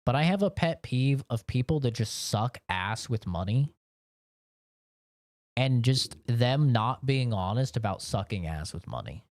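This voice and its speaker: A man's voice: medium pitch, lively intonation, measured pace, dry recording, studio quality. A man from the United States streaming from his home office, rambling in a casual, profane rant. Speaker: game streamer. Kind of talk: casual chat while streaming.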